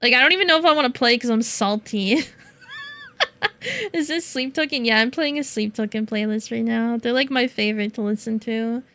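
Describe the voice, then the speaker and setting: Bright-voiced young woman streamer venting. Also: a little high, a little fast. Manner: animated venting, swearing and laughing. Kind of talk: casual stream chat.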